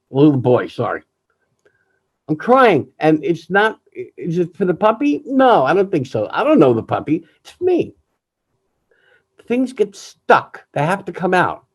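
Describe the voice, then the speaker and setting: Older man, lively voice, emotional and reflective. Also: on the high side, muffled recording. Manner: emotional, reflective, halting with restarts. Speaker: jazz pianist. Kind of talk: candid personal talk. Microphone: video call.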